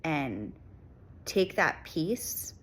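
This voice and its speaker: Middle-aged woman, lower register, earnest reflective delivery with frequent pauses; heartfelt personal talk to camera. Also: sing-song, fairly bright tone. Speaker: channel host.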